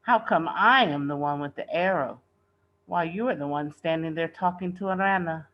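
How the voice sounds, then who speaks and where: A woman's voice: sits low, normal speed, dull audio, close to an everyday voice. A woman reading a play aloud, voicing a clever, sly female frog under a spell. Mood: firm.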